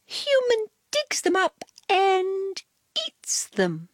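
A high, lilting storybook cat put on by a woman, superior and lecturing in tone. Her voice swoops up and down as she explains things slowly. The sound is close and dry. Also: huge pitch swings, no echo, full character voice. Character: haughty know-it-all female cat.

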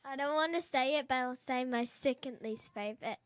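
A young girl chatting casually about school, excited and a little secretive. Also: high voice, brisk, dry recording. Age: child. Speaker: kid guest chatting on a show. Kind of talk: casual chat.

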